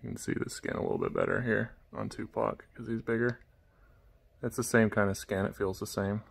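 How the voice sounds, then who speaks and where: A vlogger who keeps toucans talks softly and gently to his pet birds and his viewers at home, cooing to the birds in a relaxed way. His voice sits a little low but comes out bright, forceful, and creaky, and he speaks a little fast.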